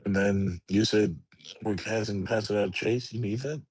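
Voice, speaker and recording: A man's voice: on the low side, fairly even intonation, moderate pace, a little mellow, slightly rough, dry recording. A man playing a tabletop game, arguing his point with jokes. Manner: insistent, joking. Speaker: player.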